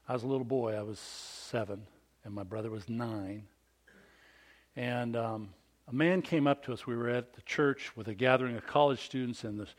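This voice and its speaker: A middle-aged man preaching a sermon in a conversational storytelling style, moving from loud emphatic bursts to hushed, almost whispered lines. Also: medium pitch. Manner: conversational, with restarts and storytelling asides. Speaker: pastor.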